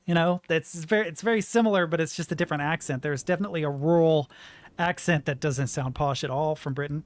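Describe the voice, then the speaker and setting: American man in his thirties, let's play commentary, rambling, slightly high voice, dry sound. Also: quick pace, no room sound. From United States. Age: 30s. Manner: rambling, chatty, frank. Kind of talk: casual gameplay commentary.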